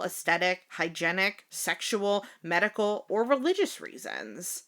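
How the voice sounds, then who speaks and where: Laughing young woman podcast co-host. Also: mid-range voice. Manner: laughs easily, explains history in a relaxed, joking way. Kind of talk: casual podcast chat.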